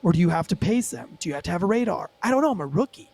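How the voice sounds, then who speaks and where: A man with a high-pitched voice tells his story as a podcast guest. His telling is animated and profane and packed with fillers. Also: rapid-fire, creaky. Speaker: former police officer and podcast guest. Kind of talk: storytelling in a casual podcast interview.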